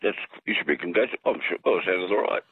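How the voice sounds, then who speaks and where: Older Australian male caller, deep and husky, rambling jokey manner, thin phone-line sound. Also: rapid-fire, dry recording. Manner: rambling, jokey, self-interrupting. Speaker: radio caller. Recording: dry tinny phone line.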